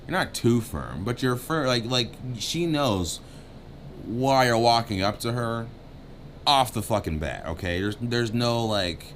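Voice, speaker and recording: A man co-hosting a dating advice chat, joking and talking without a filter, swinging between loud bursts and muttered asides. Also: medium pitch, animated, a little slow, slight background noise. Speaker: co-host giving dating advice. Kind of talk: casual uncensored chat.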